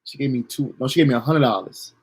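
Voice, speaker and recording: Animated young man telling stories. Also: medium pitch, fast talker, husky. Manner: animated, profane, laughs at own story. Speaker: storyteller streamer. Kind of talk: casual storytelling monologue.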